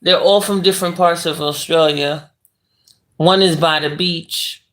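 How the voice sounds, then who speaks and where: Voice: mid-range voice, fairly even intonation, a little slow, fairly bright tone. A livestream host lying in bed in a bedroom, chatting casually and rambling with the viewers' chat and laughing often.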